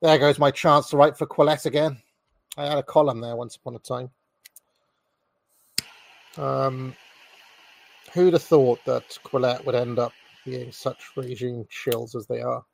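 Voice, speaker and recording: A man's voice: mid-range voice, creaky, no echo. A man hosting a live political stream, reading out posts and mocking them sardonically.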